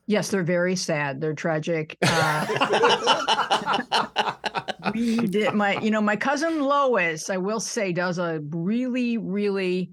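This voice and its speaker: A woman's voice: medium pitch, takes it slowly, crowd noise. A woman in her sixties from upstate New York, chatting as a podcast guest, self-deprecating and laughing often. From United States (suburban Buffalo, New York). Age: 60s. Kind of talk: casual interview chat.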